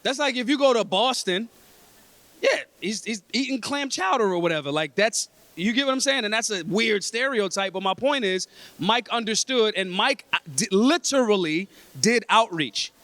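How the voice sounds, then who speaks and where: A man's voice: high voice, animated, normal speed, bright, forceful tone, no room sound. A man from Philadelphia addressing a convention breakfast, talking in an emphatic, streetwise, freely swearing way. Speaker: convention speaker. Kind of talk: blunt, profane talk to a room.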